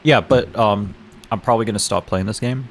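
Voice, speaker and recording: A man with a somewhat low voice chats casually through a game stream. He rambles, swears, laughs at himself and trips over his own sentences. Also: brisk, a little hiss or hum. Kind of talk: casual gaming stream commentary.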